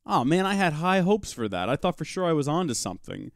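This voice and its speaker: A man narrates his live game session in a loose, joking way, talking to his viewers and to objects in the game. His pitch swings a lot, bouncy and expressive. The sound is close and dry, with no room echo. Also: quick pace, creaky. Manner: chatty, joking asides, talks to chat and his pet rock. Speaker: gaming livestream host. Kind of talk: live Minecraft modpack let's-play commentary.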